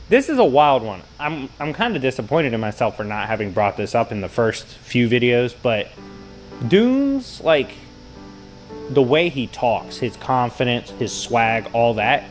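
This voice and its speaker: Animated man telling comic stories. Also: mid-range voice, a little slow, soft background music, poor audio. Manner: animated and slangy, laughing at his own stories. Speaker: host. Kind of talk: casual comic-book storytelling.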